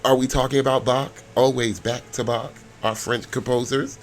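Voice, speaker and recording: A man telling a story casually in an animated way, acting out each person's voice. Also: medium pitch, moderate pace. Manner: animated, acts out every voice.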